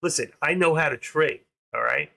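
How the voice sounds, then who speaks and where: Man, older, trading stream host, casual rambling chat, excitable, crisp bright tone, some fry. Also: on the high side, normal speed.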